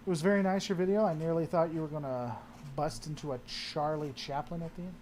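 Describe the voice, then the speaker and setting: A man's voice: on the high side, fairly even intonation, a little fast, darkish tone, a little hiss or hum. A man hosting a casual livestream, answering chat and often trailing off and restarting his sentences.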